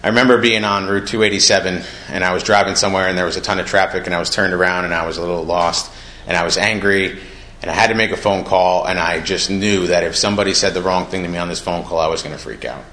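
Man, deep voice, relaxed conversational testimony, roomy echo. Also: fast talker. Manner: casual, conversational, acts out quoted dialogue. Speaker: recovery meeting speaker. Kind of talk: personal testimony. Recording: echoey room with faint noise.

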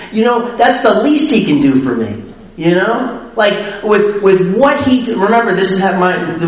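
Middle-aged man, candid storyteller who mocks himself, mic set back in a very reverberant room. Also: mid-range voice. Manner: candid, self-mocking, laughs at himself. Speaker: speaker sharing recovery story. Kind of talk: personal storytelling. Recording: very echoey room, distant mic.

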